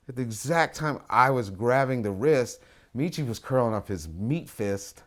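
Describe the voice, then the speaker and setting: An animated man in a casual interview, telling a story with lots of profanity. His voice sits at an ordinary mid pitch and swings between low, mumbled asides and loud, punchy bursts. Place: lives in Atlanta.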